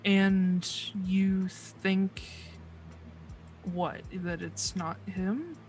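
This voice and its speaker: A game master voicing a wary young woman under questioning, answering in halting, hesitant bursts. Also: mid-range voice, level tone, a little mellow, faint music behind. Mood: guarded. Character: wary young half-orc-related woman, guarded clerk.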